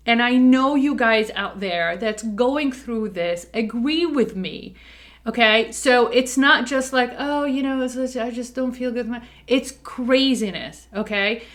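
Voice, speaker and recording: Here a middle-aged woman from a dental practice chats to the camera in a casual, personal way. Her tone is fairly bright at medium pitch, and her candid, emphatic delivery leans heavily on "like" and "okay."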